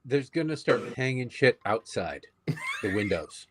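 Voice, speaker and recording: A man's voice: mid-range voice, unhurried, noisy background. Sarcastic, profane male commentator. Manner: sarcastic, profane, animated storytelling. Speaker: guest commentator. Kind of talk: casual political chat.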